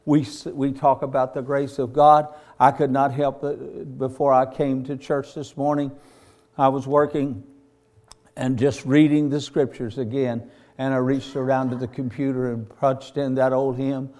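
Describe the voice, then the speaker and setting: A man's voice: medium pitch, flat delivery, a little slow, a little mellow. A man preaching a sermon to his church, retelling stories with fervor and repeating phrases in rhythmic runs. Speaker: pastor.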